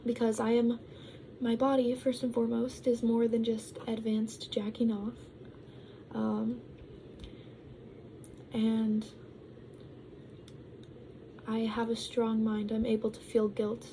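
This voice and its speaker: A young woman chats loosely to her vlog viewers, wandering from thought to thought with plenty of ums and likes. Her voice sits a bit high but has a soft, mellow tone. At times she talks through a mouthful of food. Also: completely flat delivery, slow pace, long pauses, a little hiss or hum, low-quality recording. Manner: rambling, full of ums and likes; talks while eating. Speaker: vlogger. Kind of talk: casual vlog chat.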